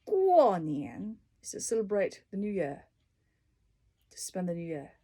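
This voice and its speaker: A woman reading through dictionary entries and explaining each one with everyday examples, in an unhurried, casual way. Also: mid-range voice, very animated, husky. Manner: unhurried, explaining words with examples, soft asides. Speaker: language tutor.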